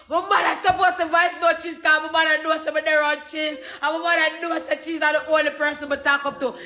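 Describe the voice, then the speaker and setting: A young Jamaican man in an angry, profane rant, shouting and cursing in rapid patois. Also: very high-pitched, a little hiss or hum. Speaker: social media personality.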